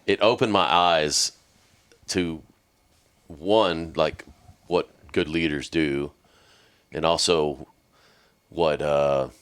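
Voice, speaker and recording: A man's voice: a bass voice, steady tone, very slow, long pauses, a bit bright, clean tone. A man hosting a podcast, telling a war story bluntly and casually, swearing constantly. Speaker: podcast host, military veteran.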